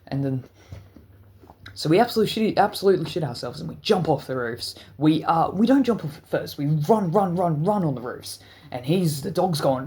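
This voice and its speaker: A man tells a story to his vlog audience in a loose, animated way. He stutters and repeats himself often, swears freely, and his voice sits a little higher than most men's. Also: normal speed. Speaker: channel host.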